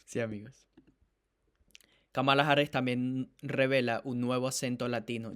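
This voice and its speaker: 中くらいの高さの声の男性が、ネットのニュース番組の司会として視聴者に直接語りかける。強調しながら話すニュース解説調。. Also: male voice, mid-range voice, steady tone, a little fast, long pauses, a bit bright, clean tone. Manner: addresses viewers directly, emphatic. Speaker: news channel host. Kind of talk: online news commentary.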